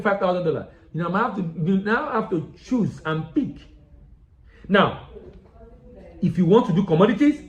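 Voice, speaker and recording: A man's voice: high-pitched, dull audio. Emphatic man teaching in an echoey room. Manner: emphatic, repeats key phrases, numbered checklist. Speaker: export business educator, show host. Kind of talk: instructional talk to camera.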